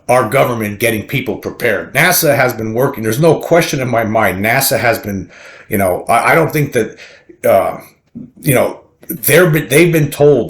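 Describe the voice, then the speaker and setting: A man's voice: on the low side, echoey room. A man hosting a channel, reading a news article aloud and then commenting on it emphatically, often repeating and restarting his words. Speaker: channel host.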